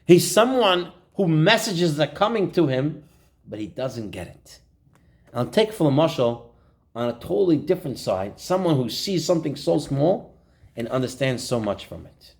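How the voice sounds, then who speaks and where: A man's voice: on the high side, moderate pace, gravelly. A man teaching an informal Torah class, telling stories and acting out the quotes. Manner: animated storyteller, acts out quotes. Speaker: rabbi.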